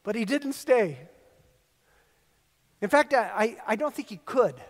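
A man's voice: very high-pitched, expressive, measured pace. A male pastor preaching an earnest sermon, telling stories and building emphatic repeated phrases. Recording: long reverb of a large hall.

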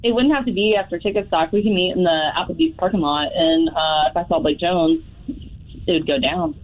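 A woman's voice: lowish voice, a little fast. A woman calling in to a radio show, playful and teasing. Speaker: caller. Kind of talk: casual radio call-in chat. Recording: tinny phone line.

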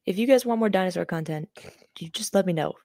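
A woman's voice: on the low side, quick pace, mellow, no echo, studio quality. A young woman co-hosting a casual podcast chat, rambling with lots of "um" fillers and easy swearing. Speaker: podcast co-host.

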